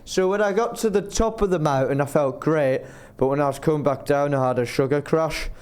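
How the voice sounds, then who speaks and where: Rambling man with a higher voice. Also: brisk, darkish tone, smooth. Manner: rambling, self-interrupting, laughs through his stories. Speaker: podcast guest. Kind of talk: casual storytelling.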